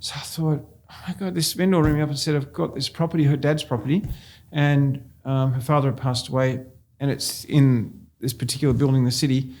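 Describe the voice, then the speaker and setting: Australian man telling lively sales stories. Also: medium pitch, brisk, few pauses. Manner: animated storyteller, laughs while telling anecdotes. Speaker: real estate agent, guest. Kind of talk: casual interview storytelling.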